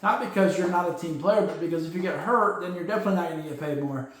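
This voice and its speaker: A man's voice: fairly high pitch, quick pace. A man hosting a podcast, reading through news items in a casual chat full of jokey asides. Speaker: podcast host. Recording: very echoey room.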